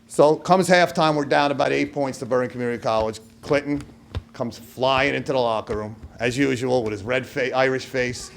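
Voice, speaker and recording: A middle-aged man delivers an acceptance speech. His voice sits in an ordinary middle register, and he tells stories in a loose, conversational way, breaking into loud impressions of his coach. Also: medium pitch, normal speed, creaky, a little hiss or hum. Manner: storytelling, acts out quoted coach with loud outbursts. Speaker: hall of fame inductee giving acceptance speech. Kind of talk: speech at a podium.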